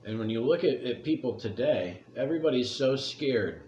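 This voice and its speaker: A man's voice: mid-range voice, lively intonation, normal speed, a little mellow, muffled recording. Middle-aged male vlogger, blunt and profane, rambles through his opinions; echoey room with faint noise behind. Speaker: commentary vlogger. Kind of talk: casual opinion rant.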